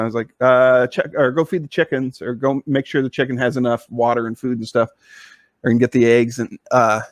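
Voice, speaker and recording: Man, podcast co-host, rambling story, middle pitch, dry close sound. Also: no room sound. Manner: rambling, with many fillers and restarts. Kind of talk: casual storytelling chat.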